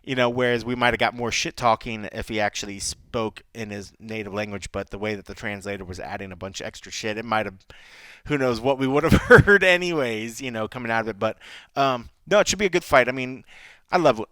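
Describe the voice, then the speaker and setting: A man's voice: fairly low pitch, fast, fairly bright tone, no echo. Chatty man co-hosting a fight podcast. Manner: loose, chatty, acts out quoted voices. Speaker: podcast co-host. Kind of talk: casual MMA podcast talk.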